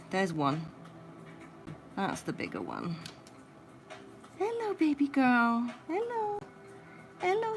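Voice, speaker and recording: Grooming her pet rabbit at home on a livestream, a woman with a deep voice coos soft baby talk and now and then drops to a whisper.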